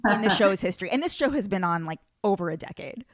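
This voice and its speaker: A woman's voice: medium pitch, animated, fast talker, no room sound. Woman podcast host with a dry sound. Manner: enthusiastic fan asking questions. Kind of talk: interview podcast.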